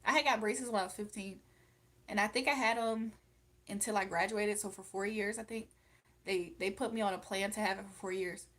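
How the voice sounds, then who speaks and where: Woman on a livestream reading chat, blunt and chatty, laughs a lot, mid pitch. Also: fairly even intonation, a little fast, fairly bright tone. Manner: blunt and outspoken, laughs often. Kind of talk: casual live chat.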